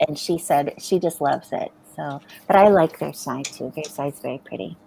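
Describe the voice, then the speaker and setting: A woman's voice: low voice, fairly quick, creaky, slight background noise, rough recording. A middle-aged American woman co-hosting a writing livestream, chatting casually and telling stories with frequent laughter. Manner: chatty storyteller, laughs often, animated. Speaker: livestream co-host. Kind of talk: casual chat.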